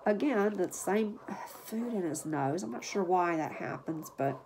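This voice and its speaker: A woman with a lowish voice narrates while she tends to puppies. She chats casually to viewers and coos gentle baby talk at the dogs, with faint household noise behind. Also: lively intonation, a little slow. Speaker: dog breeder.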